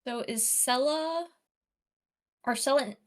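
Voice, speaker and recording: Female player, casual slow chat, a touch high.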